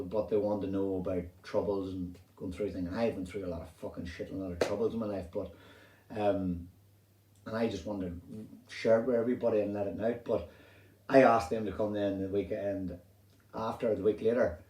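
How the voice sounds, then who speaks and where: A middle-aged man with a Northern Irish accent tells his own story, rambling and animated, with plenty of swearing. His voice sits low and mellow. He is recorded a little away from the mic in a roomy space. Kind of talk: casual personal storytelling. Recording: roomy sound, distant from mic.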